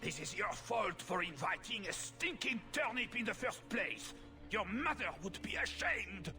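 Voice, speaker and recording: A man's voice: high voice, animated, measured pace, over music. A man playing an indignant, quarrelsome noble baron in video game dialogue. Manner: insulting, aggrieved.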